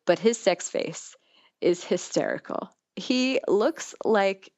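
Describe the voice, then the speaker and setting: A woman's voice: medium pitch, lively intonation, slow, a little mellow, dry recording, lo-fi sound. A woman guest on a podcast, chatting candidly and giggling as she tells stories and acts out what people said. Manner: giggly storytelling, acts out quoted dialogue. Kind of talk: candid casual chat.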